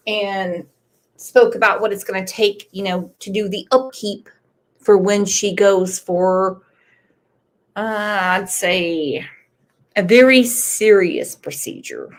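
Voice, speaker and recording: A woman's voice: mid-range voice, steady tone, unhurried. A woman with a cold and a congested voice, hosting a casual true crime livestream, blunt and outspoken as she reads chat. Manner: blunt, outspoken, with emotional asides. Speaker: true crime channel host.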